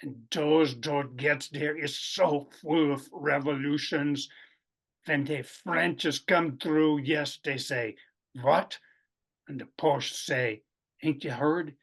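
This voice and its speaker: Man doing a Russian accent, excitable Russian storyteller, broken English, slow unhurried delivery, rising asides. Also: on the high side, breathy edge, full character voice. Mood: animated storytelling. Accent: put-on Russian.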